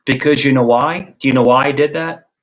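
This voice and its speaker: A man's voice: mid-range voice, a little fast, lo-fi sound. A man from the United States in a casual chat, earnest and repeating himself for emphasis. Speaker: host.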